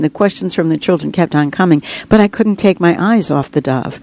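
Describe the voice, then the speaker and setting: A woman's voice: lowish voice, a little fast, hardly any pauses, warm tone, low-quality recording. An author reading her memoir aloud in an earnest, reflective narration. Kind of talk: audiobook narration.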